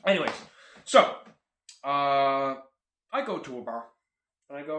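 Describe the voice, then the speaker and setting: A young man telling a comic car story in an animated, self-mocking way, recorded in a home garage. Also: mid-range voice, unhurried, pauses often, roomy sound. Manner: animated, jumps into loud silly voices, self-mocking. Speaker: car vlogger.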